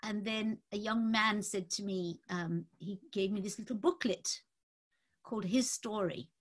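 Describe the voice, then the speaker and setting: A woman telling a personal story in a halting, unhurried way, pausing often. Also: medium pitch. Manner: halting, unhurried recounting with frequent pauses and fillers. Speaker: speaker giving a personal testimony.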